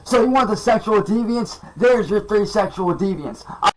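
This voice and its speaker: A man with a very high voice rants in anger. He swears freely and spits out accusations in a heated rant. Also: expressive, moderate pace, rough recording. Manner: angry, swearing, ranting. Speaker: streamer in a played clip.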